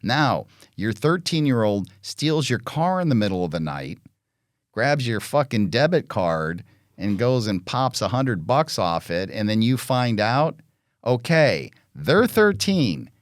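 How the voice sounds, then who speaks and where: A man's voice: medium pitch, measured pace, dry recording, clean studio sound. A middle-aged man, the show's host, talking bluntly and with profanity in casual podcast chat, acting out parent and child voices as he tells stories. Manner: blunt, profane, animated storytelling.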